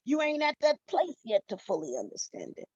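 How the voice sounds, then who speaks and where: A woman's voice: sits high, wildly swooping pitch, brisk, darkish tone, no echo. A middle-aged woman life coach giving a motivational monologue, emphatic and blunt, repeating her phrases and swearing freely. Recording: dull dry lo-fi recording.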